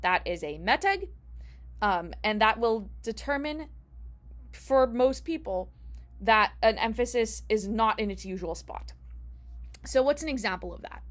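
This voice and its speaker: A woman's voice: fairly high pitch, animated, a little slow, pauses often. A young woman teaching a casual lesson as a rabbinical student, chatty, asking herself rhetorical questions and restarting her phrases.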